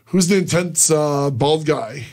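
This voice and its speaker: Bit high-voiced male radio co-host. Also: a little slow, darkish tone. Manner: storytelling, teasing. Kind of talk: casual radio chat.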